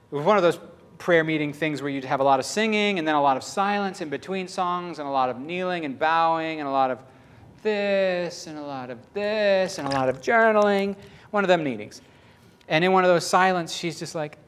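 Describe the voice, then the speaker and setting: A man giving a casual, story-filled sermon, chatty and animated, often laughing and acting out what people said. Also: fairly high pitch, normal speed, clean tone. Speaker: pastor.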